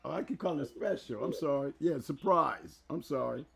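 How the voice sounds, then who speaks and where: An excitable man hosts a casual interview with a rough, gravelly voice pitched a little high. He gets loud when worked up and stumbles over repeated words. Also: brisk. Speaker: talk show host. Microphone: handheld mic held close.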